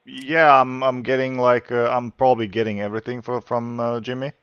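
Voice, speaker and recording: A man's voice: mid-range voice, level tone, fairly quick, clear, resonant tone, no echo, muffled recording. A man joining a live stream as a guest on a video call, cheerful and a bit hesitant. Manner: cheerful, hesitant, laughs easily. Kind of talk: casual chat. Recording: noisy video call audio.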